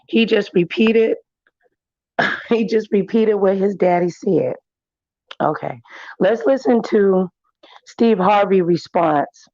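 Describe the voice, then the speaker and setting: Hoarse woman chatting slowly on a stream. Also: fairly low pitch, darkish tone, dry recording. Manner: chatty, greets viewers by name, drawling. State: hoarse, losing her voice. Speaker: livestream commentary host. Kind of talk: casual chat. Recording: dry, muffled stream audio.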